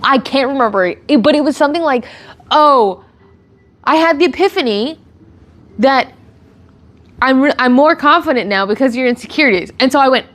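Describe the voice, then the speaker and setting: A young woman streamer chatting casually with her chat and telling an animated story, full of laughter and filler words. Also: high voice, moderate pace, long pauses. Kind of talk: casual chat answering chat questions.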